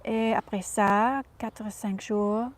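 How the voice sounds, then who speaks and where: A woman impersonating a gracious 1950s film star, reading an interview answer in careful, halting French. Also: mid-range voice, steady tone, close to an everyday voice. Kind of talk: reading an interview aloud in character.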